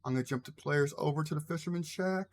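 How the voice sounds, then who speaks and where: A man's voice: fairly high pitch, fast talker. A man running a tabletop game as game master, narrating casually with frequent fillers.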